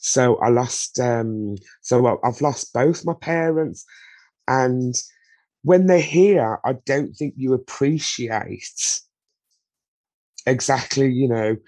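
A woman's voice: extremely low pitch, lively intonation, slow, mellow, no room sound. Chatty, blunt woman talking about loss. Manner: emotional, blunt, chatty with rhetorical questions. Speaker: guest. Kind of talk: candid conversational interview.

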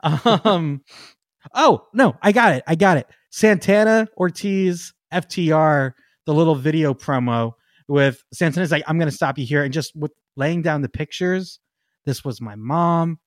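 Excitable man chatting, dry close sound. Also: fairly high pitch, unhurried, no echo. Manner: excitable, laughs often, trails off with ums. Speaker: podcast co-host. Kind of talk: casual chat.

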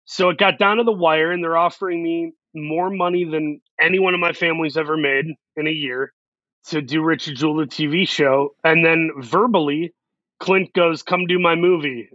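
A male actor being interviewed, telling a story in an animated way and acting out the quotes. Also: on the high side, no echo. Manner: animated, acts out quotes in quick voices. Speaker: actor guest. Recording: dull lo-fi sound.

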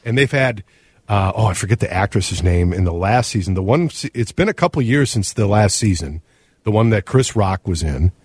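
A man's voice: lowish voice, expressive, normal speed, slightly rough, dry recording. Minnesota guy cohosting a radio show, rambly and self-correcting, voice swoops around a lot, dry booth. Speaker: radio co-host. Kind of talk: casual radio chat.

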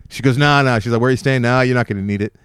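A middle-aged man spins a rambling, swear-laced story at a rapid clip, slipping into quick impressions of the people in it. His voice sits at an ordinary pitch and is recorded close and dry, with no room sound. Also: fairly bright tone, smooth, no echo. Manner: rambling anecdote with profanity and acted-out dialogue. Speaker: podcast co-host. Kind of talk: casual storytelling chat.

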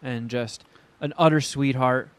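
A man co-hosting a casual podcast chat, telling stories in a profane, animated way with acted-out quotes. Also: mid-range voice, unhurried, clean tone, no echo. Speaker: podcast co-host.

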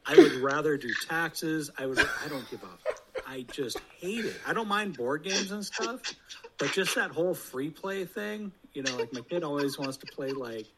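A man's voice: fairly high pitch, lively intonation, moderate pace, very noisy. A man in his thirties chatting casually as a podcast guest, blunt and self-deprecating, swearing freely.

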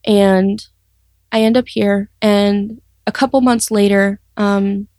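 A young woman sharing her life story in an interview, earnest and reflective, often pausing and restarting. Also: medium pitch, a little mellow, no echo, studio quality. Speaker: guest sharing testimony. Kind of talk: personal testimony interview.

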